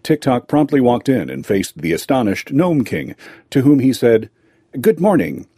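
Husky male storyteller, lively and dark. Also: mid-range voice, moderate pace, no echo, studio quality. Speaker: narrator. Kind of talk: scripted narration of a fairy tale.

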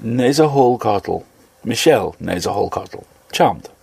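A man's voice: on the low side, animated, normal speed, gravelly, warm tone, breathy edge, no room sound, full character voice. A man voicing a courteous, cultured male ambassador who speaks with polished politeness in an audio story. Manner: slight cultured accent, polite and gallant. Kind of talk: audio fiction dialogue.

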